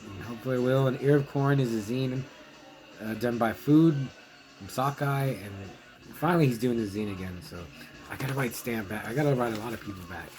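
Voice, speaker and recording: Poor audio captures a man with a medium-pitched voice talking fairly quickly as music plays in the background. The speaker, a zine editor who reviews movies, delivers a casual, hesitant vlog monologue, rambling with fillers and restarts while reading fan letters.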